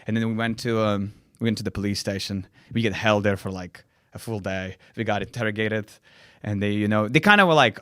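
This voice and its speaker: A man's voice: fairly low pitch, a little fast, hardly any pauses, fairly bright tone, no room sound, studio quality. A young man from Lithuania with a Lithuanian accent, a comedian telling a wild story in casual chat, acting out quotes and laughing often. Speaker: comedian guest.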